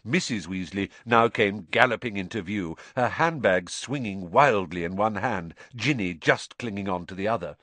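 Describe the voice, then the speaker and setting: A man reading an audiobook in an animated storytelling manner. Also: on the low side, moderate pace, hardly any pauses, no room sound. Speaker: audiobook narrator. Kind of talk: scripted narration.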